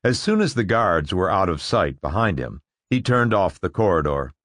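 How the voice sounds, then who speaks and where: A man narrating a science-fiction story with expressive storytelling delivery. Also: sits low, moderate pace, dry recording, studio quality. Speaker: audiobook narrator. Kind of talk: scripted narration.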